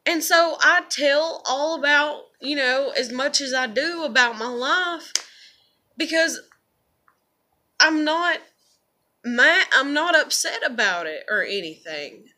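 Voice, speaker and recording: A woman's voice: high-pitched, expressive, a little slow, pushed and bright. A woman and mother speaking in a casual monologue, rambling, candid and often profane. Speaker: vlogger and mother.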